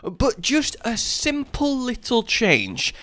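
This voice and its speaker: A man giving casual let's-play commentary as a gaming YouTuber, rambling and self-mocking, breaking into excited yelps. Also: extremely high pitch, takes it slowly, dry recording.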